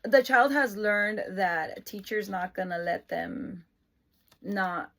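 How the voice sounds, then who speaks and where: Mom in her 40s-ish talking slow and heartfelt, kinda emotional, breaks into peppy bits. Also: medium pitch. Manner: emotional, earnest, lapses into excited praise voice. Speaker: mother of an autistic son. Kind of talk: casual explanatory vlog.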